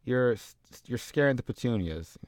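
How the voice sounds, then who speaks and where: A man's voice: medium pitch, expressive, normal speed, darkish tone, no room sound, studio quality, lightly acted. A man doing a fussy, pleading wrestling boss. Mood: placating. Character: nervous placating male wrestling boss.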